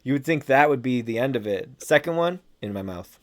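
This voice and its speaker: A man hosts a casual podcast conversation, easygoing and joking as he spins his stories. His voice sits at a middle pitch. His talk is full of bro and man. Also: expressive, a little fast. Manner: laid-back, joking storyteller, says bro and man. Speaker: podcast host.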